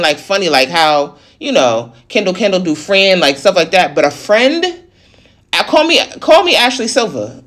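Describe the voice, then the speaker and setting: A vlogger venting through a personal story, blunt and full of swearing. The sentences pile up fast and run together in a heated, unfiltered flow. The pitch sits right in the middle of the usual range. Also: very animated, fairly bright tone. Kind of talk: casual storytelling rant.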